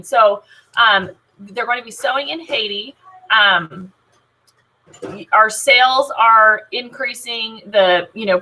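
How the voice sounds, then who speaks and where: A woman with a bright, clear voice gives a casual team training talk. She rambles cheerfully, filling her speech with ums and quick restarts, always upbeat and eager. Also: mid-range voice, low-quality recording. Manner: chatty, many filler "um"s and restarts, upbeat. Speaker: team leader of a sales team.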